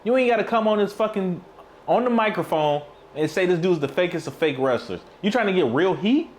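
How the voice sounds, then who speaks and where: A man's voice: high-pitched, lively intonation, fairly quick, a little hiss or hum. Heated, cursing man reacting to clips. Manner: blunt, heated, slangy trash talk. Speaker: streamer reacting to wrestling clips. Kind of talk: profane reaction commentary.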